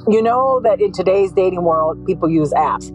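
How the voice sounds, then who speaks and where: A woman's voice: lowish voice, animated, normal speed, darkish tone, faint music behind, low-quality recording. A woman, the mother of the person discussed, recounting past conversations in an emotional interview and acting out both sides of the dialogue.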